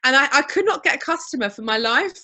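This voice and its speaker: A woman telling her story on a video call, chatty and animated. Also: high voice, fast talker. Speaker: guest. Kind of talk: casual video-call interview.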